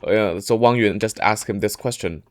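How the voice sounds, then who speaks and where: A man telling a history story in a casual podcast style, halting often and correcting himself mid-sentence. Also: fairly low pitch. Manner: halting, frequent restarts and self-corrections.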